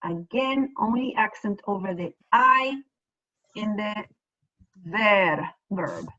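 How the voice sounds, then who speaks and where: A woman's voice: mid-range voice, big pitch swings, slow pace, pushed and bright, muffled recording. A woman teaching a Spanish class over a video call, explaining patiently and step by step. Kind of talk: online class lesson.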